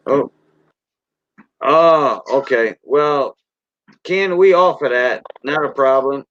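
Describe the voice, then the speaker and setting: A man's voice: medium pitch, slow pace, fairly bright tone. A man with a Cajun accent hosting a casual livestream, rambling in a folksy way and greeting viewers by name. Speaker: livestream host. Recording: dull lo-fi dry sound.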